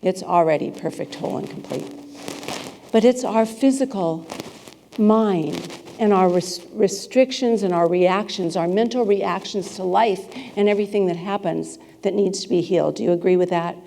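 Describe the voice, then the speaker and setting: A woman's voice: mid-range voice, normal speed, vocal fry, warm tone, slight background noise. A woman minister preaching a conversational sermon, chatty and playful, asking the congregation questions. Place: spiritual center sanctuary with a congregation. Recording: reverberant hall.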